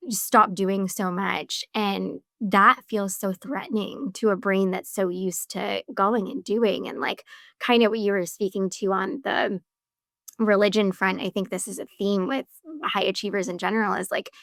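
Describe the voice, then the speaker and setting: A woman podcast host talking in a chatty, casual way, full of fillers and animated asides. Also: mid-range voice, normal speed, vocal fry, no room sound, clean studio sound.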